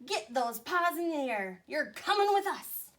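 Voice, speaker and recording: A woman voicing a blustering male mouse army commander who squeaks his orders in a storybook reading. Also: big pitch swings, a little slow, fairly bright tone, full character voice. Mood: bossy.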